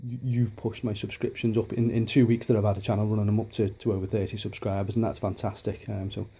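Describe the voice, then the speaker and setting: A man's voice: fairly low pitch, little pitch movement, quick pace, warm tone, husky. A man talking to camera in a casual vlog, hesitant with many ums and restarts. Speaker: YouTuber.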